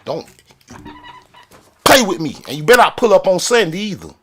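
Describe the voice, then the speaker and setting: A man delivering a loud, profane, mocking comedic rant on a desk mic with a soundboard. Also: high voice, big pitch swings, normal speed, breathy edge. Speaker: comedic commentator.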